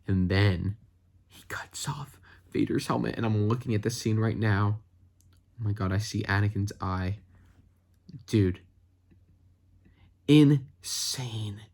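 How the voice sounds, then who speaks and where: Excitable rambling male fan reviewer. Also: lowish voice. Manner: excitable, rambling, heavy use of "like" fillers. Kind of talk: casual review vlog.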